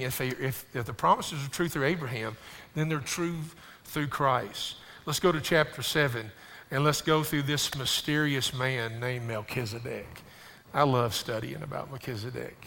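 A man preaching a sermon to his congregation, stumbling over restarts and building to loud, rising emphasis. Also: medium pitch, a little slow, vocal fry. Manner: addresses the congregation directly. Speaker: pastor. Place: church sanctuary. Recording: preached in a reverberant hall.

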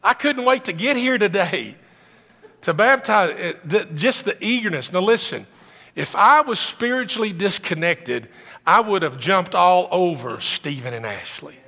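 A pastor with a high, bright voice preaches with lively, building energy. His words ring out in a church hall with a long reverb. He tells his congregation a story in an animated sermon. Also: a little slow, gravelly. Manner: animated preaching, rising to excited emphasis. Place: church sanctuary.

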